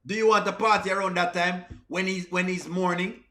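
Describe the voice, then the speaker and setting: Pleading high-voiced Jamaican man. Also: level tone, fairly quick, bright, forceful tone, echoey room. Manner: pleading and repetitive, mixing patois with plain speech. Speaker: livestream host reacting to comedy skits. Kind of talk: casual reaction commentary.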